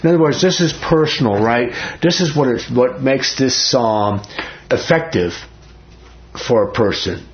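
A man's voice: mid-range voice, a little slow, muffled recording, a little hiss or hum. Earnest man teaching a Bible study. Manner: earnest, conversational, quizzes listeners.

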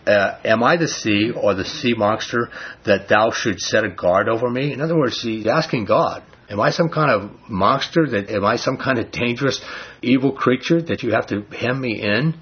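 A man leading a Bible study, reading scripture slowly and then explaining it in loose, casual talk with a husky voice. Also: on the low side. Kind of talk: informal Bible study teaching. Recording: dull lo-fi recording.

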